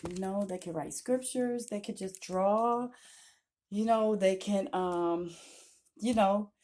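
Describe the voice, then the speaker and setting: An adult woman with a daughter, a YouTuber and self-published author, narrates an excited unboxing vlog on a hand-held phone camera. Her voice is medium pitch and slow, and she gushes excitably, repeatedly saying "oh my gosh."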